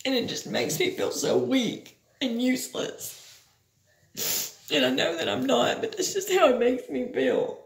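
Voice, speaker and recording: Woman vlogger, fed up and rambling, slightly high voice with some fry. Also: lively intonation, measured pace, roomy sound. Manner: frustrated, rambling, swears. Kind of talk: venting personal vlog.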